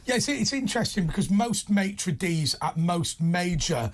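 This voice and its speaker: High-voiced opinionated man. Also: animated, normal speed. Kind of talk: talk show discussion.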